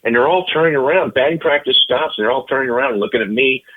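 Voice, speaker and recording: A man in his seventies, a retired ballplayer, telling anecdotes in an interview with lively, animated delivery. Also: mid-range voice, quick pace, narrow, tinny audio. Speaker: interview guest, retired baseball player. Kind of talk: storytelling interview.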